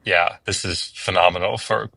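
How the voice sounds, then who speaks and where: In a recording with no echo, a low-pitched male voice stays steady at a moderate pace, sharp in tone and touched with vocal fry. He's the host of a live-stream tutoring session on biblical Hebrew, explaining pronunciation patiently, one step at a time, and using many fillers.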